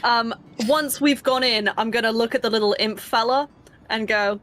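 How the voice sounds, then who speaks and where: A woman's voice: fairly high pitch, normal speed, a bit bright. A woman player in a tabletop game, casual and playful, swearing freely.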